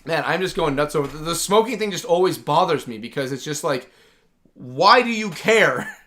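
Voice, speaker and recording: A man with a fairly high-pitched voice speaks at a quick pace while hosting a gaming livestream. He rambles enthusiastically and casually, dropping "like" constantly.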